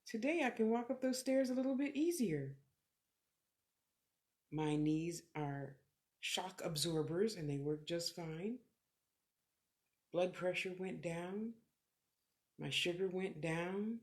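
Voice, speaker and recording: A middle-aged medium from California answers viewers during a livestreamed session of readings and motivational talk, being frank and swearing freely in short reflective bursts. Her lowish, slightly mellow voice moves slowly with lively intonation and many pauses.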